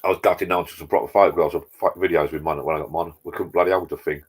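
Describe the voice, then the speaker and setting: A low-voiced man bantering on a live stream. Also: steady tone, very fast, breathy edge. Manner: banter, cheeky jokes, reading out chat messages. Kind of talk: casual live-stream chat with viewers. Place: home garden bar.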